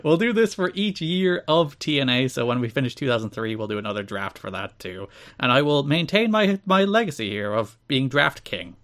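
A man's voice: medium pitch, lively intonation, brisk, fairly bright tone. Boastful, teasing male podcast host. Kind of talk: casual chat.

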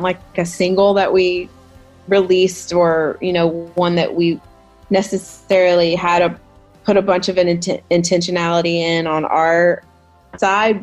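A woman in a worship band speaks reflectively, pausing and restarting as she goes. Her voice sits a little low for a woman. Faint music plays behind her. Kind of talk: casual podcast interview.

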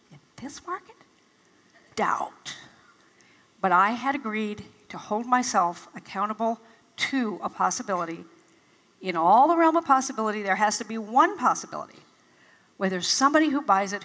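A woman's voice: mid-range voice, pushed and bright. An older woman giving a motivational talk to a live audience, telling stories and acting out her own past reactions with animation. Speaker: motivational speaker. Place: large event hall. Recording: reverberant hall.

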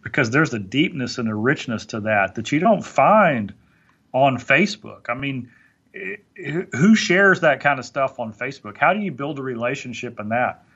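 A man's voice: medium pitch, expressive, moderate pace, fairly bright tone, breathy edge, lo-fi sound. A man talking earnestly on a motivational podcast, stumbling into restarts as he makes his points. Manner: earnest, preachy, with many restarts. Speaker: podcast guest speaker.

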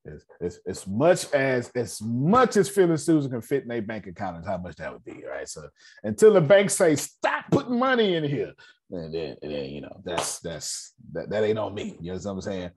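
A man leading a business meeting, telling animated motivational stories in casual slang with repeated words and dramatic pauses before listeners. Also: sits low, slightly rough.

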